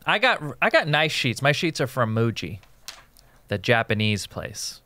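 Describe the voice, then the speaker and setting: Man from Jordan, podcast co-host, joking, smooth voice, dry sound. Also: mid-range voice, very animated, unhurried, sharp tone, dry recording. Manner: joking, reads listener emails aloud. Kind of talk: casual podcast chat.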